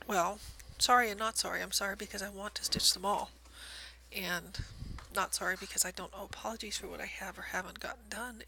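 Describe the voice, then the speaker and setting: A woman shows off her stitching in a relaxed home video, chatty and self-deprecating. Her voice has a gravelly fry, and she often slips into soft near-whispers. A faint hiss sits under the recording. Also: medium pitch, low-quality recording. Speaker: cross stitch vlogger. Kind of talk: casual show-and-tell narration.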